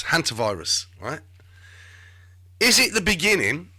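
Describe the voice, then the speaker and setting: A man's voice: on the high side, sing-song, unhurried, long pauses, bright, forceful tone, husky. A man hosting a live stream, chatting and muttering to himself in rambling commentary. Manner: chatty, talks to himself while searching.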